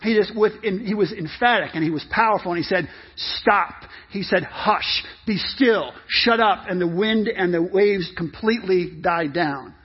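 A male pastor with a very high, husky voice, preaching with animated, emphatic storytelling. The recording is muffled and lo-fi. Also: brisk, few pauses. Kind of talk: lively sermon.

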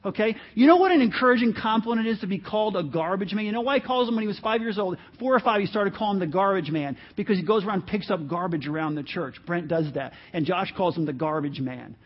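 Earnest high-voiced male pastor preaching. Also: fast talker, few pauses, highs cut off. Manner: earnest, encouraging, conversational with asides. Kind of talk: sermon. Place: church sanctuary.

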